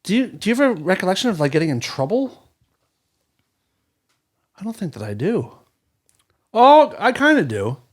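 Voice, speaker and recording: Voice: mid-range voice, very animated, moderate pace, long pauses. A podcast co-host in casual chat who asks curious questions and laughs along.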